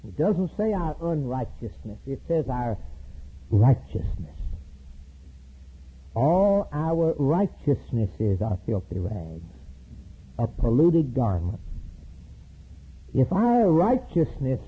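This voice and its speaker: A man preaching a sermon with a raspy voice, rising to loud high climaxes and slowing down for emphatic repeated lines. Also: big pitch swings. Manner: preaching with sudden loud high climbs and slow emphatic repetitions. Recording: tinny lo-fi recording.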